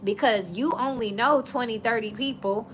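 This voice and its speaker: Woman tarot reader, casual chat, bright forceful voice, somewhat high, faint hiss behind. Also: moderate pace. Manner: chatty, animated, coaching and direct.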